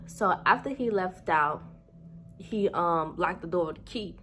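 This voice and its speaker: A woman's voice: on the low side, measured pace, sharp tone, slight background noise. A woman vlogger telling a story to her viewers in a casual, heated way, with a lot of swearing.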